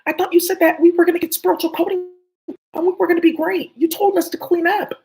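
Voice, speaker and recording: A speaker putting on the high, loud, aggrieved voice of a whiny follower who feels betrayed by a leader. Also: little pitch movement, quick pace, gravelly. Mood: whining.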